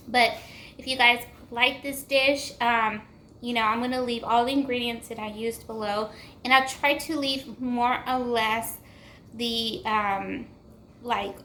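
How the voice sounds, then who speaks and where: A young woman talks her viewers through dinner in a casual cooking vlog, chatty and full of little fillers. Her voice sits a touch high and sounds bright and forward. A faint hum of room ambience sits behind her. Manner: chatty, warm address to viewers with frequent fillers. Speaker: cooking vlogger. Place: home kitchen.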